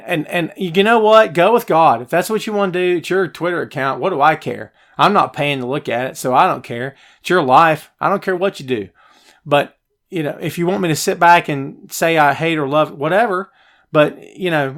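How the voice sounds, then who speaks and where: A middle-aged man hosting a live stream from his home office, chatty and animated as he answers viewer comments. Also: a little high, moderate pace. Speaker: podcast host. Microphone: headphones, phone nearby.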